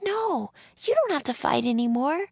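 A woman's voice: high-pitched, very animated, moderate pace, gravelly, no echo, voice pushed up, full character voice. A woman reading aloud and voicing a kind, worried young girl who soothes and pleads. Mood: pleading.

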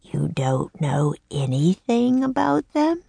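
A woman voicing a cruel half-bird male king with a raspy voice, drawing out his words slowly and mockingly. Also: lowish voice, big pitch swings, mellow, no room sound, full character voice. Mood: menacing. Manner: slow, drawn-out, mocking.

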